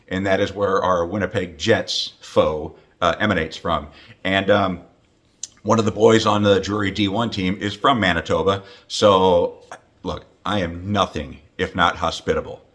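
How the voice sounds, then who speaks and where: A man's voice: low-pitched, steady tone, moderate pace, fairly bright tone. A man in his fifties chatting to camera in a joking vlog, teasing and playful, with plenty of fillers and asides. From United States. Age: 50s. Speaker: hockey announcer making a greeting video.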